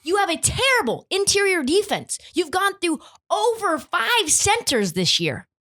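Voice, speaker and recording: A woman's voice: extremely high pitch, big pitch swings, unhurried, sharp tone. A young woman hosting a sports podcast, ranting in an emphatic, profane, opinionated way. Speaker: podcast host.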